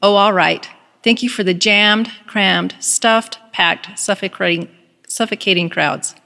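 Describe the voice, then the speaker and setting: A woman's voice: medium pitch, unhurried, vocal fry, sharp tone, in a large hall. A woman voicing a weary, doubting woman prisoner who gives thanks reluctantly. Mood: exasperated. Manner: reluctant, exasperated.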